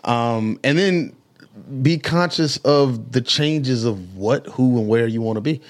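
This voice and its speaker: A man with an everyday mid-range voice co-hosts a casual podcast. He talks in a relaxed, easygoing way and drops in wry quips. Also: medium pitch, takes it slowly. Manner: laid-back, adds wry quips. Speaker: podcast co-host.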